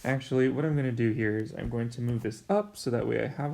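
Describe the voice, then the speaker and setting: A man teaching a recorded math lesson in an easygoing, chatty way, with a voice of middling pitch for a man. He speaks straight to his students, checking in with them often and joking about his own slips as he works through the steps. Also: fast, creaky, darkish tone.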